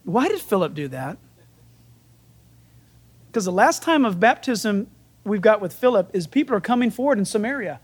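Male pastor, casual and animated, acts out the scenes as he preaches. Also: sits high, normal speed, long pauses, husky. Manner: animated, acts out biblical dialogue; conversational, folksy preaching. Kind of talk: sermon.

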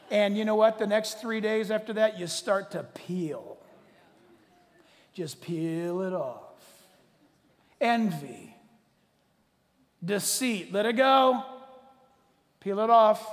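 A man preaching a sermon to his church, animated and joking, swinging between loud declarations and hushed asides. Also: high-pitched, in a large hall. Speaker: pastor. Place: church hall.

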